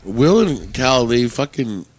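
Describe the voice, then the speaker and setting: A man bantering casually on a podcast, with a middle-pitched voice. He laughs easily and keeps the talk crude and joking. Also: very animated, slow, husky. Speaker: podcast co-host.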